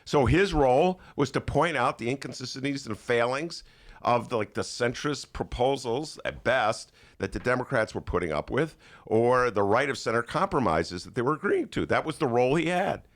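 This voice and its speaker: A man hosting a podcast from a studio, riffing on politics with mocking sarcasm and loose, animated talk. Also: medium pitch, moderate pace. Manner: animated, mocking, shifts into put-on voices. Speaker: podcast host. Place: radio studio.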